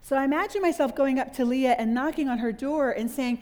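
Middle-aged woman preaching, highish voice, big echoey hall behind her. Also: brisk, hardly any pauses. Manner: animated storytelling, quizzing the audience. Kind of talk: sermon. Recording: long hall reverb.

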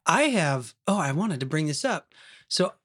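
A man in his thirties from Oklahoma, hosting a casual podcast chat and telling long rambling stories with many fillers and quick laughs. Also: on the high side, big pitch swings, a bit bright, breathy edge. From Oklahoma, USA. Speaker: podcast host.

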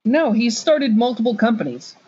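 A man with a notably high voice argues his side in a casual podcast chat, pressing his point again and again. The sound is dull and lo-fi. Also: very animated, normal speed, a little mellow, breathy edge. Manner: insistent, argumentative. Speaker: podcast co-host.

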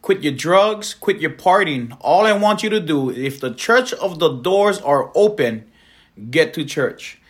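A man's voice: a little high, expressive, measured pace. A man quoting his loving aunt, an older woman urging him with insistent, pleading words.

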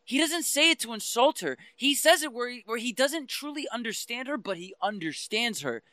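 A man talks fast and fired up, swinging between heated outbursts and quieter stretches of explanation. His voice has a bright, tense edge. The sound is dry and close. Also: very high voice, no echo. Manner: passionate, ranting, animated about comics. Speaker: podcast co-host. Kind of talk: casual chat.

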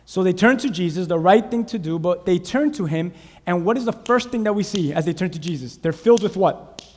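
High-voiced pastor preaching in a hall. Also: male voice, a little fast. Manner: animated preaching, quizzes the congregation. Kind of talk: sermon. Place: church sanctuary. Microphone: clip-on lapel mic. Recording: reverberant church hall.

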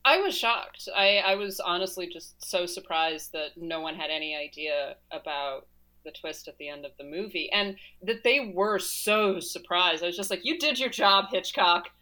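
Bright-voiced woman telling a lively story. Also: lowish voice, moderate pace, rough recording. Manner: animated storyteller, repeats words when starting. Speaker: podcast panelist. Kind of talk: casual chat.

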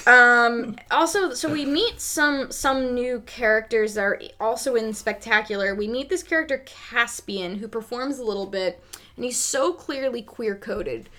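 A podcast co-host chats casually and frankly about a film in a slightly high, bright, forceful voice, speaking unhurriedly. She uses plenty of filler words and swears now and then.

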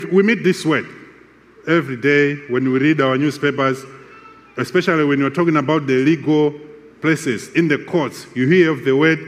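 A man preaching a sermon with a measured, emphatic delivery and repeated phrases. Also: fairly high pitch, in a large hall.

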